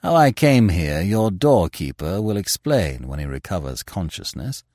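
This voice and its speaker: A man voicing a calm masked male avenger who speaks low, measured and quietly menacing. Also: no room sound, clean studio sound. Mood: calm menace.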